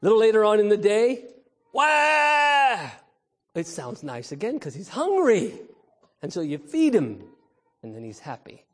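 A man's voice: high voice, wildly swooping pitch, normal speed, a little mellow. A male pastor preaching a Sunday sermon to the children, emphatic and storytelling, calling out to the congregation. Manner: storytelling, imitates baby cries.

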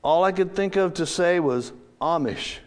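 A man telling a first-person story in a church setting, reading slowly and dramatically with drawn-out pauses. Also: high voice, darkish tone, clean tone.

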